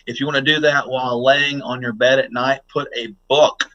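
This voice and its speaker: Bright-voiced man coaching health habits. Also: mid-range voice, little pitch movement, moderate pace, dull audio. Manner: earnest, instructive, coaches listeners through exercises. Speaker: health doctor guest. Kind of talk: podcast interview.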